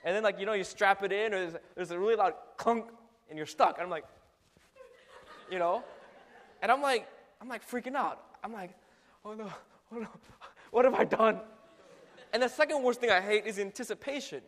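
A young man in a casual storytelling monologue, animated and full of filler words, acting out ride noises. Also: high-pitched, brisk. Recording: long hall reverb.

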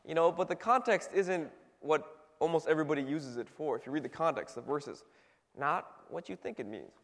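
A man giving a relaxed, conversational sermon as a youth pastor, with plenty of "you know", "like" and restarts as he explains scripture. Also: fairly high pitch. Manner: conversational, many fillers and restarts. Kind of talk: casual sermon. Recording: long reverb in a hall.

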